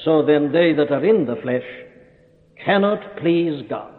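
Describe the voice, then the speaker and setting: Preacher, male, expository sermon; emphatic, lively and fairly high voice, tinny recording with a long hall echo. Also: measured pace. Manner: emphatic, reasoning aloud with rhetorical questions.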